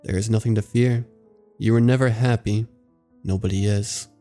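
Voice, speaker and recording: A man voicing a rotting undead male DJ who speaks in a quiet, hollow, fatalistic way. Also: lowish voice, fairly even intonation, normal speed, soft background music, close to an everyday voice. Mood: bleak.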